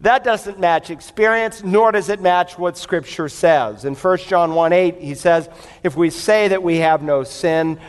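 High-voiced preacher in a reverberant hall. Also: male voice, clean tone. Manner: storytelling preacher, emphatic and conversational. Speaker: pastor. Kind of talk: sermon.

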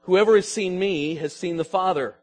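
A pastor preaches to his congregation in a fairly high male voice. He lets his emphasis rise and sink and tosses questions to the listeners. Faint music plays underneath. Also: normal speed. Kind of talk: sermon.

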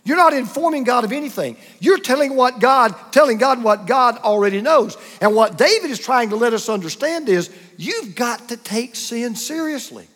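A male pastor with a high voice preaching with emphasis, hammering home his points through repetition and blunt contrasts. His voice rings out with a long reverb, as in a large church sanctuary. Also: expressive, normal speed, few pauses, a bit bright. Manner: emphatic, repeats points, uses a punchy joke and short contrasts. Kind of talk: sermon.

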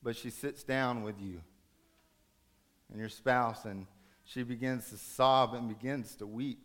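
A man preaching a sermon, telling a story dramatically, rising to urgent raised passages and dropping to hushed soft ones. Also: medium pitch, steady tone, a little slow, long pauses.

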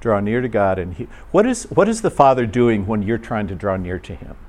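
A man's voice: on the low side, lively intonation, brisk, darkish tone. A man preaching an informal sermon to a live audience, asking them questions and acting out short quoted voices. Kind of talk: conversational sermon.

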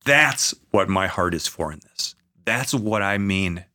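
Earnest low-voiced man talking faith, bright tone. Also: animated. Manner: earnest, many fillers, slows down to a preaching cadence. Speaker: pastor. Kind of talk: conversational podcast talk on faith.

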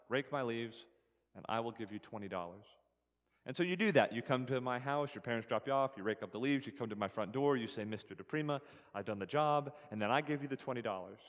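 A man's voice: medium pitch, animated, brisk, long reverb tail. A man preaching a sermon as pastor, earnest and emphatic, rising on scripture and repeating key phrases to drive them home. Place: church sanctuary.

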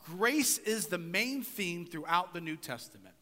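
A pastor delivers a conversational sermon, often tossing rhetorical questions to his listeners. This man's voice sits high and moves animatedly through a wide pitch range, and the sound trails off into the long reverb of a large hall. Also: lively intonation, measured pace, sharp tone. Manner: conversational preaching with frequent rhetorical "right?".

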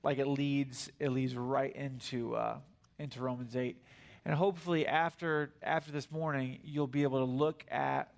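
A man in his thirties preaches to a church congregation in a loose, conversational way. His pitch sits in a plain middle range, and he rambles with fillers and quick asides to the listeners. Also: steady tone, vocal fry. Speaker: guest preacher. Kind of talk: conversational sermon. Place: church sanctuary.

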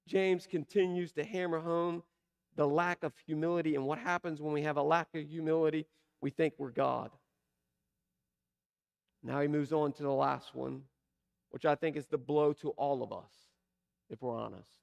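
A man preaching a sermon, asking emphatic rhetorical questions and slowing down to stress key words. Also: on the high side, steady tone, gravelly. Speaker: pastor.

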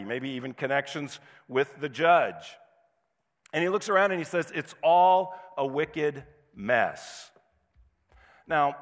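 A man's voice: medium pitch, a bit bright. A male pastor preaching a sermon in a conversational way, now and then acting out indignant voices. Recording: long hall reverb.

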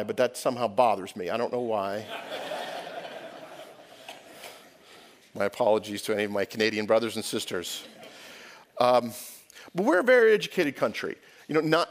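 Male pastor from the United States, mid-pitched voice, relaxed conversational preaching style with rhetorical questions to the congregation. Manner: conversational, self-correcting, asks the congregation questions. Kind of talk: sermon. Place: church sanctuary.

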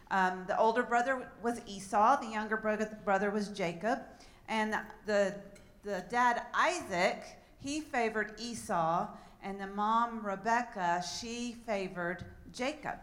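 Relaxed woman preaching a sermon. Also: medium pitch. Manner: relaxed, laughs at her own slips. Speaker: pastor. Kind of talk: sermon with Bible reading.

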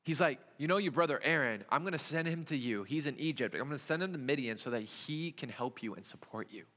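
A man's voice: mid-range voice, lively intonation, fast talker, bright, forceful tone. Young guy youth pastor preaching, asks the crowd lots of questions, echoey church hall. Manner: conversational preaching with rhetorical questions. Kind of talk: sermon. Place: church sanctuary.

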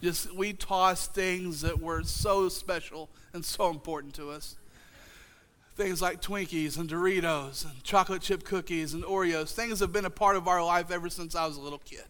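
High, bright-voiced preacher man. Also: clear, resonant tone. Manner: humorous, self-mocking, builds to shouted retellings. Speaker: pastor. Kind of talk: sermon.

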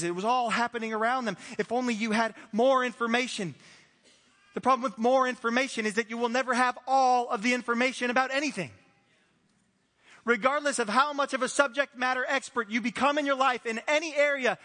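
Bright-voiced man preaching in a hall. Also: extremely high pitch. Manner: conversational preaching with acted-out dialogue and laughs. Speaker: pastor. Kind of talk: sermon. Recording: reverberant hall.

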